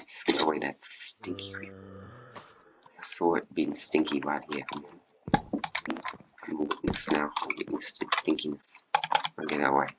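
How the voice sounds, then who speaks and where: A man doing casual gameplay commentary as a let's play host, excitable and chatting to the animals in his game. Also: very deep voice, a little slow, long pauses, very noisy.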